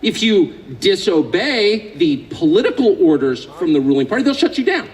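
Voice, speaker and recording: A man with an American accent addresses a live audience, his voice pitched a little high and swinging widely up and down. He speaks in a sardonic, joking way and builds into passionate outbursts. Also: sing-song, normal speed, darkish tone, low-quality recording. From United States. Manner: sardonic, joking, increasingly impassioned. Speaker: invited speaker. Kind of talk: public speech to a live audience.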